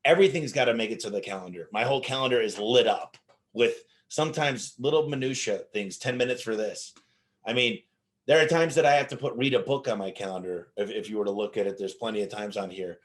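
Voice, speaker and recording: A man telling animated stories as an interview guest, acting out the dialogue in his anecdotes with frequent restarts. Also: on the low side, quick pace. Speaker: business owner guest. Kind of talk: casual interview storytelling.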